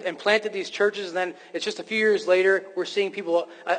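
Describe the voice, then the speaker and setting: Earnest high-voiced man preaching in a hall. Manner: earnest, emphatic, frequent fillers and restarts. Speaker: pastor. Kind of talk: sermon.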